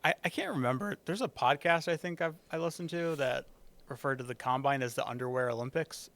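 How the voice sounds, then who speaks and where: A man's voice: medium pitch, brisk, a bit bright. A man co-hosting a casual sports podcast, laid-back and chuckling as he gives his takes. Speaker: podcast co-host.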